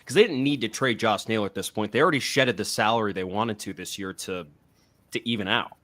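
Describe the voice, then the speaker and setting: A man's voice: on the low side, fairly quick, a bit bright. A man co-hosting a podcast, chatting casually and thinking aloud, often repeating words as he starts sentences. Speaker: podcast co-host. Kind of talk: casual sports chat.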